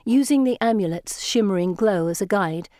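A woman reading a first-person audiobook in a measured, even storytelling manner. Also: medium pitch, dry recording, clean studio sound. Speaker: audiobook narrator.

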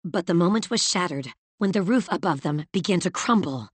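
A woman narrating an audiobook in a measured, even storytelling manner. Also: lowish voice, breathy edge, dry recording. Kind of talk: scripted narration.

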